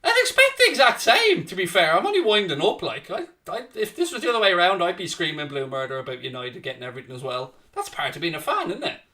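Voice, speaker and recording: A man hosts a live football watchalong, swearing freely as he urges his side on and mocks rival fans. His voice is high and bright, with a sharp edge. The mic sits some way off. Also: quick pace, hardly any pauses, distant mic. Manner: swearing, excitable, cheering on his team and winding up rivals. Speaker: host of a football fan watchalong. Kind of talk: live reactive match commentary, casual banter.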